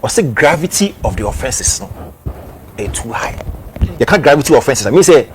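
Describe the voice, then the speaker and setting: A man's voice: medium pitch, big pitch swings, brisk, slight background noise. A man with a Ghanaian accent hosting a talk show, explaining a case point by point. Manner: explains point by point, laughs in between. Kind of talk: news commentary talk show.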